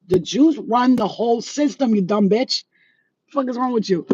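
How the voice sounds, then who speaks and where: A woman's voice: fairly high pitch, normal speed, a little mellow, husky, dry recording, lo-fi sound. A woman who works as a psychic medium, walking her neighborhood and ranting bluntly with plenty of swearing into a handheld phone. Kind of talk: ranting vlog. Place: outdoors in a residential neighborhood.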